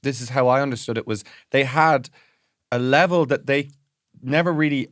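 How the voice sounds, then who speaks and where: A man's voice: mid-range voice, moderate pace, no echo, clean studio sound. An Irish man co-hosting a podcast, telling wry stories in casual chat. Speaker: podcast co-host.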